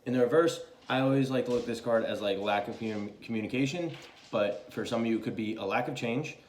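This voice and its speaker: A man's voice: medium pitch, fast, echoey room. A young man giving a casual, chatty tarot reading, swearing freely and talking loosely. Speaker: tarot reader.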